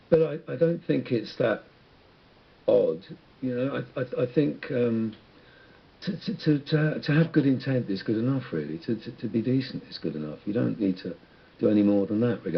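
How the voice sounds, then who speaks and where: Husky, low-voiced man musing on air. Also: muffled recording. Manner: rambling, reflective, many restarts. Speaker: musician guest. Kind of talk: radio interview.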